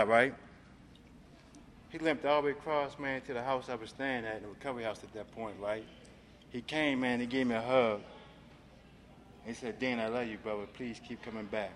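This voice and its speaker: Bright-voiced man sharing his recovery story. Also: medium pitch, long reverb tail. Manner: streetwise, profane, peppers talk with "man". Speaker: recovery speaker. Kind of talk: personal recovery testimony.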